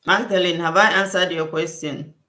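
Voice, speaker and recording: With a fairly low, steady, sharp-toned voice at a normal speed, a woman answers viewer questions on a casual livestream about skincare, her line of work. She's effusive, says things more than once, and thanks her audience frequently. A roomy echo fills the audio.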